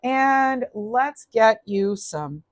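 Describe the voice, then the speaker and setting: A woman's voice: a little high, lively intonation, drawn-out words, no echo. A woman giving a casual, upbeat tarot reading, chatty with many restarts. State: clearing throat, losing voice. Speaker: tarot reader.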